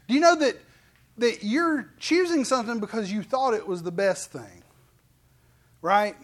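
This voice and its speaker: A pastor preaching a casual, folksy sermon, animated and full of playful asides and quick put-on voices. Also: male voice, high-pitched.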